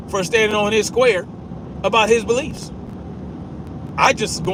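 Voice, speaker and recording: A man's voice: high-pitched, noisy background. A man arguing back at chat comments during a casual live stream, profane and repeating himself for emphasis.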